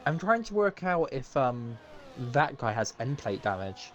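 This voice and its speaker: A man doing live commentary on an online racing league, chatty and a bit halting, with frequent ums and laughs. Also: medium pitch, sing-song, lo-fi sound, a little hiss or hum. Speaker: race commentator.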